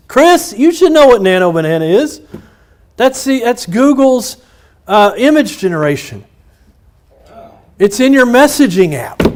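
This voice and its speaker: A middle-aged man, a pastor teaching a Bible study in a loose, personal way, with restarts and chuckles. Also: fairly high pitch.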